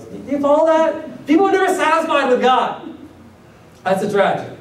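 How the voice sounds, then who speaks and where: Pastor guy preaching in church, high voice, echoey room, mic kinda far, keeps asking do you understand. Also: big pitch swings, normal speed. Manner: keeps asking the congregation rhetorical questions; acts out quoted voices. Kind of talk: sermon. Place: church sanctuary.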